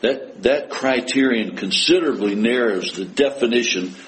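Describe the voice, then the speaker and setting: A man preaching a sermon to his congregation. He talks with emphasis, asking rhetorical questions and quoting scripture with rising force, then sinking to a hushed voice for heartfelt prayers. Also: medium pitch, moderate pace, a little hiss or hum, rough recording.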